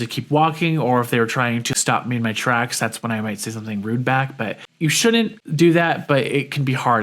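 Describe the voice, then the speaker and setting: Young male podcast host, mid-pitched, thinking aloud, conversational with restarts. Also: a bit bright. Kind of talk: casual solo commentary.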